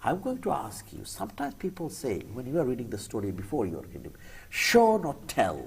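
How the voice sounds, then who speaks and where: Rapid-fire male TV host, distant mic. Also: medium pitch, wildly swooping pitch, creaky, darkish tone, slight background noise. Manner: rapid, mixes Bengali and English, affirming interjections. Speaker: TV education show host. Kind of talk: studio panel talk show hosting.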